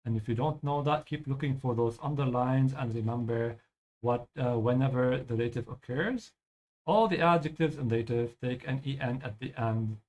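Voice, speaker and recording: Professor de idiomas paciente, homem. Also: male voice, medium pitch, moderate pace, darkish tone. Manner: patient, checks in with "yeah?". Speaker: language teacher. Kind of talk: explaining vocabulary over gameplay.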